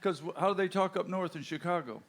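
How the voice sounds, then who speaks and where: A man's voice: sits high, fast. A man with a slightly raised voice emcees from the stage, introducing his bandmates between songs. His talk is folksy and full of easy jokes, spoken into a stage microphone at a live music venue. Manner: folksy, joking banter with the audience. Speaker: bandleader and stage host. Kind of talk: onstage band introductions.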